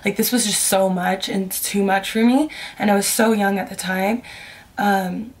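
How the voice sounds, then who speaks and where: A woman's voice: mid-range voice, fairly even intonation, unhurried. A young adult woman vlogger telling a personal story in casual storytime style, candid and rambling, with many "like"s. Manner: candid, rambling, heavy use of "like".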